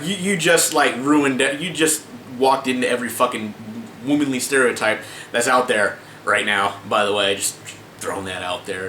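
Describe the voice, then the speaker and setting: A man's voice: mid-range voice, lively intonation, normal speed, fairly bright tone. A man ranting casually to camera as a vlogger, exasperated and swearing, with many restarts and fillers. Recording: echoey room with faint ambient noise.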